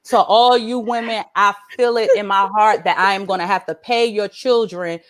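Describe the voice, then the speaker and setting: A woman doing a stand-up comedy set, animated and swinging between low mutters and high exclaims. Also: moderate pace.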